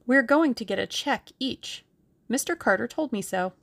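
A woman's voice: fairly high pitch, lively intonation, moderate pace, vocal fry, pitched above the performer's own voice. A woman voicing a playful young Englishwoman in an audiobook, with a lilting, coy delivery. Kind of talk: audiobook character reading.

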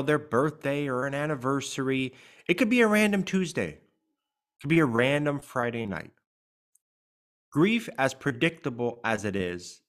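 A man's voice: medium pitch, fairly bright tone. A man co-hosting a podcast as a grief coach, talking in an earnest, emphatic way and stressing key words. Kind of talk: podcast conversation.

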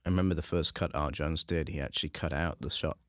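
A man with a low voice talks through his film in a dry, close booth. He jumps into animated, laughing impressions as he tells set stories. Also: fast talker, dry recording. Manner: animated, laughing, acts out quotes. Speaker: film director. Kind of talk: commentary track chat.

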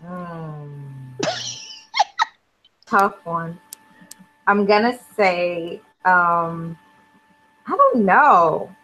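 Woman chatting slowly, hesitant, faint noise behind, remote call. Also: fairly low pitch, very animated, pushed and bright, rough recording. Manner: slow, hesitant, thinking aloud. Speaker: podcast guest. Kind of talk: casual chat.

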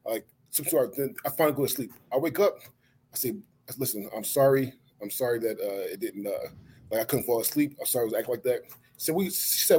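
A man's voice: medium pitch, expressive, fast talker, dark tone. Laid-back man with faint background hiss. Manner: laid-back, laughs while telling stories. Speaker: podcast guest. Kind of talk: casual chat, storytelling.

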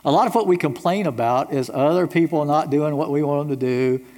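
A man's voice, on the high side and darkish, moves a little fast as this middle-aged American pastor delivers an emphatic sermon full of repeated rhetorical questions. The recording carries the long reverb of a large church sanctuary.

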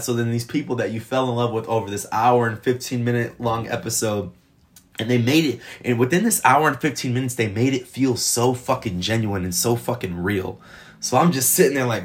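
A man casually reviewing a TV episode, retelling scenes in an excited, rambling way full of swearing. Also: medium pitch, fairly quick. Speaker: TV show reviewer.

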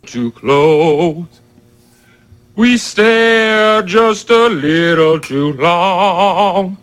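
A man's voice: sits high, extremely slow, fairly bright tone, full character voice. An earnest crooning man-child. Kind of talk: sung and spoken film scene.

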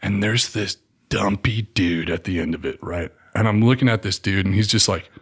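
A man from Southern California, a podcast guest telling his story in a relaxed, slangy way and acting out the dialogue. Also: moderate pace, husky. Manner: animated, acts out quoted dialogue with swings in pitch; laid-back slangy talk with frequent fillers. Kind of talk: casual storytelling interview.

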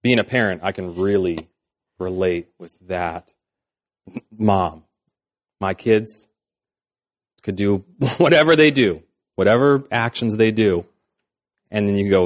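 A man's voice: fairly low pitch, unhurried, long pauses. A man in his thirties, a pastor giving a sermon in a conversational way, acting out quoted dialogue as he goes.

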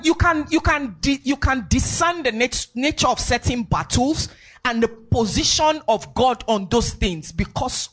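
Emphatic woman preaching a sermon. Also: fairly high pitch. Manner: emphatic, repeats phrases, lilting sing-song rises.

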